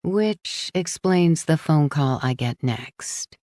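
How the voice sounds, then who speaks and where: A woman narrating a first-person audiobook in a hushed, brooding manner. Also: low-pitched, expressive, takes it slowly, no echo, studio quality.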